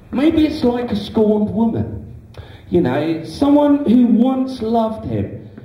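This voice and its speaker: Rambling comedian, echoey club. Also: male voice, high voice, dark tone, a little hiss or hum. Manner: chatty, rambling, full of "you know" fillers. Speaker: stand-up comedian. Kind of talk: stand-up comedy set. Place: small indoor comedy club stage. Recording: echoey club from a distant camera.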